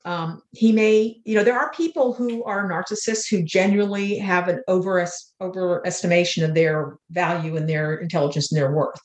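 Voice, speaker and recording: An older woman, an author and interview guest, talking in an earnest, unhurried way and telling spiritual stories. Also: lowish voice, fairly even intonation. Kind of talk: reflective interview talk. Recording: roomy echo.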